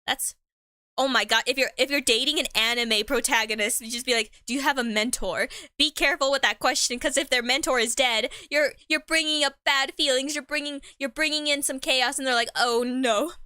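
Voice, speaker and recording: A woman's voice: high voice, fairly even intonation, fairly quick, bright, forceful tone, smooth, no echo. A woman chatting casually on a live stream, rambling in slang and laughing often.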